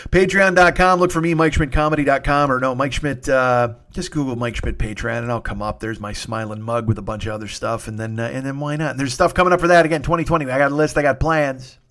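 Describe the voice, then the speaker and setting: A man's voice: mid-range voice, fast talker, hardly any pauses, fairly bright tone. A man hosting a solo comedy podcast, tired and sniffly, rambling and swearing with self-mocking humor.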